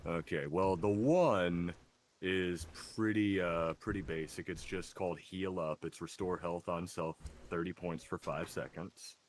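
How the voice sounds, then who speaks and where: Deep-voiced wry man chatting. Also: unhurried, slight background noise. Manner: wry, deadpan joking. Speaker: co-host of a game let's play. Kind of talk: casual gameplay chat.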